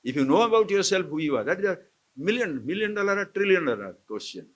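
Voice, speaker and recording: This is a high, very animated, fast male voice. It belongs to an Indian swami delivering a spiritual discourse on scripture at an ashram camp lecture hall, where he quizzes the audience and laughs frequently.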